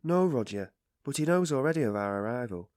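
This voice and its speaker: A fretful, tearful middle-aged mother, read by a male narrator pitches her voice well up and pleads in an anxious rush. She sounds close and dry, with no room around her. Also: expressive, a little fast, a little mellow, no room sound, close to an everyday voice. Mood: anxious pleading.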